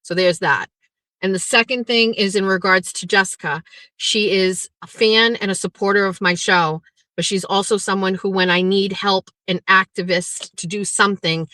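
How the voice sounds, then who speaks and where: Middle-aged woman host, blunt and profane, bright forceful voice, dry close sound. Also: mid-range voice, no echo. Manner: blunt and profane, ranting then chatty. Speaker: livestream host. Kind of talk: casual livestream chat reading viewer comments.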